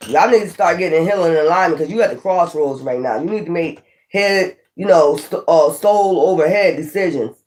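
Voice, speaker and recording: A man's voice: fairly high pitch, a little fast, darkish tone. A man giving a casual, profane tarot reading in a preachy way, repeating his catchphrases. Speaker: tarot reader.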